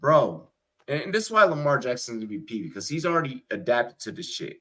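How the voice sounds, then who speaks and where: A man's voice: mid-range voice, very animated, a little fast, pushed and bright. A man hosting a sports podcast, talking in a rambling, emphatic, profane way. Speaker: podcast host. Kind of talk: casual sports chat.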